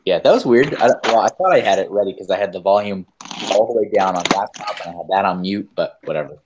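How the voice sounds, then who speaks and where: A man with a low voice talks through a casual video-call chat. He rambles and hesitates, filling gaps with fillers as he explains. The call audio carries clear background noise. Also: expressive, fast. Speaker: host.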